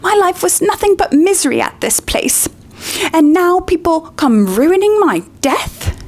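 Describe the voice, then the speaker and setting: A woman's voice: on the high side, lively intonation, normal speed, voice pushed up. A woman voicing a sulky, weepy ghost of a teenage girl in a melodramatic, whiny, tearful way while reading a book aloud. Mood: tearful whine.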